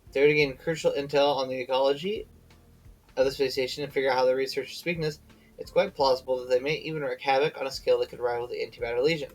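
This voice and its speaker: A tired man on a live stream reads game dialogue aloud, stumbling over words and correcting himself as he goes. His pitch sits in an ordinary middle range, and faint game music plays underneath. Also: fairly even intonation, fast, poor audio. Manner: reads aloud with slips and self-corrections, breaks off to chat. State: tired and yawning.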